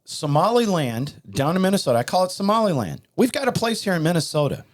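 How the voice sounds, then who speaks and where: A man's voice: high voice, sing-song, fast talker. A man hosting a talk show, preaching in a heated, emphatic and repetitive way. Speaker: podcast host.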